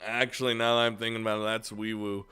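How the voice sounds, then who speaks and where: A man's voice: on the low side, bright, forceful tone, clear, resonant tone. A man doing casual commentary while reading a visual novel, laughing, joking and swearing often. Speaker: let's player.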